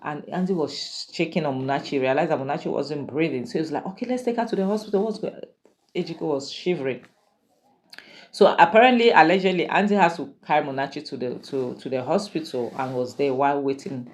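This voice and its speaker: A woman casually recapping a drama series, chatty and opinionated with lively asides. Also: low voice, brisk. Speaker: drama reviewer.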